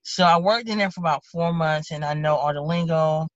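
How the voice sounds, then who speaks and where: A woman's voice: low voice, fairly quick, no room sound. A woman sheriff's deputy with a Southern US accent telling a story in a casual interview, animatedly acting out both sides of the conversation. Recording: dull lo-fi podcast audio.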